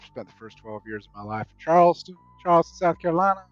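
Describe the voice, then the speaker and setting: A man's voice: on the high side, lively intonation, fast talker, lo-fi sound, faint music behind. Easygoing Southern man, rambling chat. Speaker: guest. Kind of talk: casual chat.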